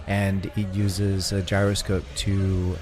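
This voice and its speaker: An Australian man co-hosting a casual radio tech chat, explaining things at length with hesitant pauses. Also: low voice, monotone. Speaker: co-host. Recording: radio podcast with faint background noise.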